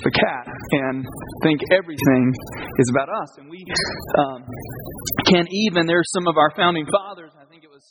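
A man preaches in a loose, conversational style, often laughing at his own asides. His voice sits notably high for a man. Steady background noise runs under the recording. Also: normal speed, lo-fi sound. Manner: conversational, self-deprecating, laughs at own jokes. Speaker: pastor. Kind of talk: sermon.

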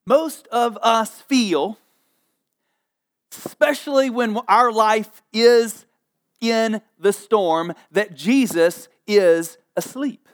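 A man with a high voice preaches a sermon with plenty of energy. He jokes with his listeners and acts out the people in the story in a playful, animated way. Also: drawn-out words. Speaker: pastor.

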